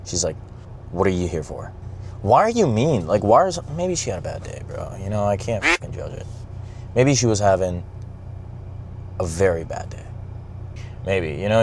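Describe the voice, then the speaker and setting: A young male vlogger with a low, slightly mellow voice chats casually while driving, with slight background noise audible. He's blunt and rambling, cursing often and repeatedly calling people "bro."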